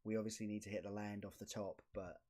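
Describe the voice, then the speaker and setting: A man streaming a card game, muttering commentary to himself with sudden excited outbursts. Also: on the low side, fast talker. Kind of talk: casual gameplay commentary.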